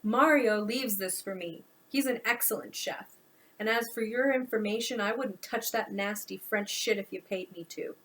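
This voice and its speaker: A woman's voice: medium pitch, moderate pace, fairly bright tone, lightly acted. A woman reading a weary, sarcastic homeless man. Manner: dry, sarcastic muttering. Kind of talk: audiobook narration.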